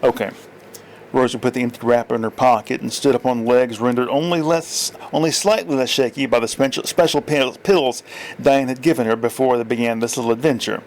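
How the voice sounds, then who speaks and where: A man's voice: medium pitch, steady tone, fairly quick, darkish tone, low-quality recording. A man reading his own fiction aloud, plainly, with small slips and corrections.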